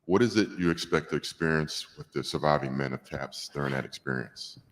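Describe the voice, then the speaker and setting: A very deep-voiced man asking a question. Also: brisk, fairly bright tone. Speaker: audience member asking a question. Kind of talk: formal question from the floor. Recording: distant, echoey hall.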